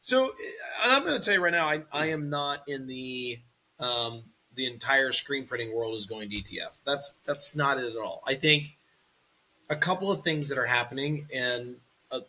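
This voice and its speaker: A man hosts a casual podcast with a bright, forward voice. He talks in an animated, rambling way, laughing easily between his points. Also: mid-range voice, normal speed. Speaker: podcast host.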